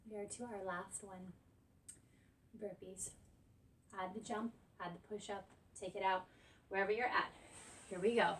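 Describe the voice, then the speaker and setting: A woman's voice: medium pitch, fairly even intonation, measured pace, long pauses, a bit bright, slight background noise. A woman in her thirties leading a workout while doing it, counting down reps and cheering between breaths. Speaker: fitness instructor. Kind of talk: coaching a workout while exercising. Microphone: camera on a tripod at a distance. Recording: voice from a distance.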